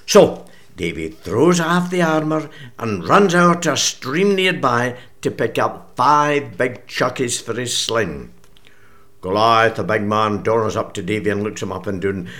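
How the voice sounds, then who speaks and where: An older Scottish man, an author and broadcaster, chatting homely in an interview and telling a story with frequent throat-clearing. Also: mid-range voice, lively intonation, measured pace, a bit bright.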